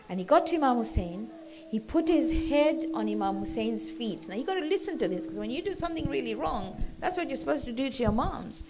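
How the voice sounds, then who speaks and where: A woman teaching a children's class, telling a story gently and then leading the group in a slow, loud rhythmic chant. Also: a little high. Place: community centre classroom.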